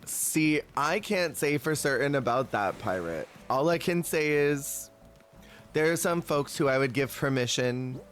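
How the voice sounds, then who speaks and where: A man's voice: fairly high pitch, lively intonation, fairly bright tone, soft background music. A man streaming a life-sim game, chatting with viewers and telling stories in a casual, laughing way. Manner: chatty, storytelling, quick laughs. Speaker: Twitch streamer. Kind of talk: casual gameplay chat with viewers.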